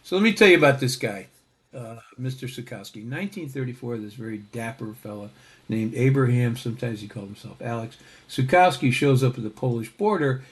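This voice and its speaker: A man's voice: medium pitch, expressive, brisk. A man from Connecticut telling a story in a casual, wry, digressive way, full of asides. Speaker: storyteller host.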